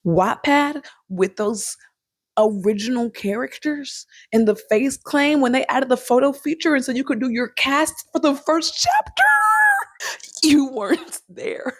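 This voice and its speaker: A young woman chatting casually as a vlogger reviewing a movie, animated and quick to laugh. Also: high voice, dry recording, clean studio sound. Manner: chatty, animated, laughs often, sings snippets.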